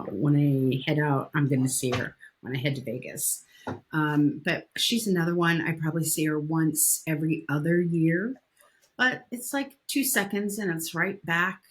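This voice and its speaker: A woman with a notably low voice, chatting as a guest on a podcast. She tells personal stories in a frank, blunt way and drops casual swear words without hesitation. The talk is relaxed and conversational. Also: unhurried. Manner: candid, blunt storyteller who swears casually. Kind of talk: casual interview chat.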